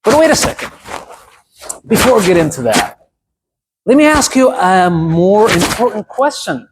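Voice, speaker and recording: A man in his thirties from Saudi Arabia with a Saudi Arabian accent, giving a humorous club speech with dramatic pauses and asides. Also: high voice, sing-song. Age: 30s. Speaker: public speaker. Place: club meeting room. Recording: noisy room recording.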